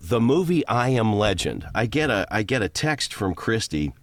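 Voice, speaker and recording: A middle-aged man, a voice actor, rambling through long show-business stories and breaking into quick voices. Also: fairly low pitch, no room sound. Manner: rambling, animated, jumps into character voices. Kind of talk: storytelling interview guest.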